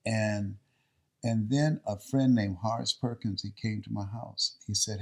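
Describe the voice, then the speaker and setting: A man's voice: fairly low pitch, steady tone, a little slow. An older man, a guest and motivational speaker, telling personal stories in a dramatic way and acting out the voices of the people in them. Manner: dramatic, acts out quoted voices. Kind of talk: emotional personal storytelling.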